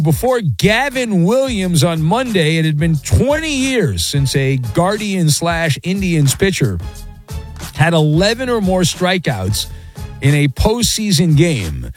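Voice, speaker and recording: A man hosting a sports talk show, running a quiz game with lively, joking asides. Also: fairly high pitch, a little slow, faint music behind. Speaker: sports radio host.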